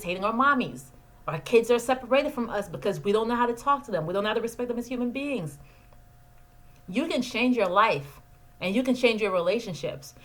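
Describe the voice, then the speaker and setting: A woman's voice: medium pitch, low-quality recording. A woman in her forties from Jamaica, a therapist, talking earnestly into the camera and repeating key phrases for emphasis. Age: 40s. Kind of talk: direct-to-camera advice talk. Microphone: camera mic, talking into the camera.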